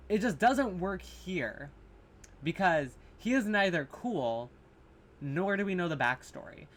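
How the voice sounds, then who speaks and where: A man's voice: sits high, lively intonation, slow, a bit bright. A man in a horror reaction vlog, rambling in loose commentary, full of fillers, swearing and sarcastic asides, recorded on his camera's mic.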